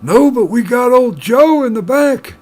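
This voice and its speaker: A man voicing a sly old male bartender in a told joke, speaking in a slow, raised drawl. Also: very high voice, lively intonation, a little mellow, voice pushed up.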